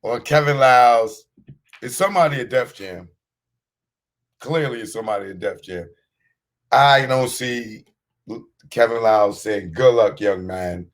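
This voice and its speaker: A man's voice: medium pitch, a little slow, long pauses. A man hosting a show, giving blunt, streetwise commentary on a clip he has just played. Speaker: podcast host.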